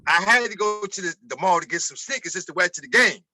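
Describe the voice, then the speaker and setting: A middle-aged man from Baltimore with a Baltimore accent, telling an animated story as a guest and acting out the voices in it. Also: high voice, quick pace, poor audio. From Baltimore, USA. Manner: animated, repeats words, acts out quoted voices. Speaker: guest, former college basketball player. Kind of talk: casual storytelling.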